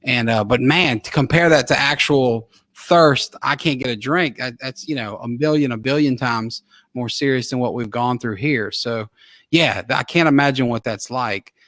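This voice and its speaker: A man's voice: medium pitch, moderate pace, a bit bright, no room sound. A man hosting a small-town live interview show, chatty and friendly, often chiming in with short replies. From Louisiana. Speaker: host.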